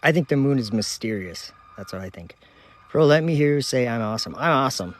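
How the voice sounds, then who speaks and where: A man from Minnesota hosts a casual live stream from outdoors at night, talking into his phone. He reads viewer comments aloud in a relaxed, friendly way and laughs easily as he goes. His voice sits at an ordinary middle pitch for a man. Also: a little fast. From United States (Minnesota). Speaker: livestream host.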